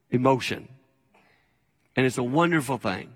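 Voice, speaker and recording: A man's voice: medium pitch, a little slow. An older man preaching a sermon as a pastor, conversational and plain-spoken, repeating his key phrases. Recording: long hall reverb.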